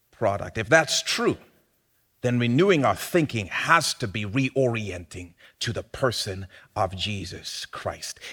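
A man preaching a sermon, animated and building to loud emphatic peaks. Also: mid-range voice, husky. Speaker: pastor.

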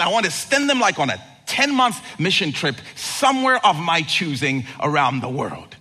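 A man preaching a sermon as pastor, animated, acting out quoted lines and swinging from loud to hushed. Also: a little high, normal speed, few pauses, slightly rough. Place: church sanctuary. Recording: long reverb of a large hall.

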